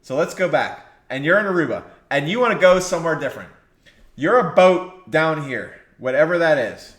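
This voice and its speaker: A man's voice: on the high side, expressive, moderate pace, fairly bright tone, reverberant. A man preaching a sermon, exhorting his listeners and repeating key phrases for emphasis.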